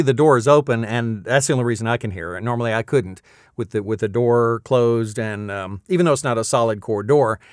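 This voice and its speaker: A man's voice: mid-range voice, clear, resonant tone, no echo, studio quality. A man in his fifties, a voice actor hosting his weekly vlog from his insulated home booth, chatting casually and slipping into playful game-show hype. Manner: playful, chatty, breaks into mock announcer hype. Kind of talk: casual chat with a hammy game-show giveaway.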